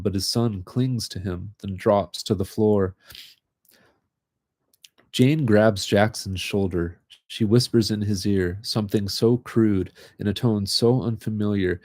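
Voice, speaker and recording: A man reading literary short stories aloud in a calm, unhurried way, chatting casually between them. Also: fairly low pitch, dry recording, studio quality. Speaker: reader of short fiction. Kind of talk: live reading of literary fiction.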